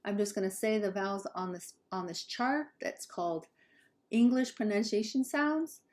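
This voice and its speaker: A woman from Southern California with a Southern Californian accent, teaching English pronunciation slowly and carefully and modeling sounds for learners to repeat. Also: medium pitch, darkish tone. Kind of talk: pronunciation lesson.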